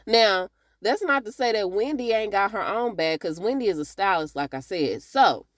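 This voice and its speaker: A woman's voice: medium pitch, lively intonation, moderate pace, dry recording, clean studio sound. A woman giving a casual, chatty TV episode recap, talking straight to her viewers. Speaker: TV recap reviewer.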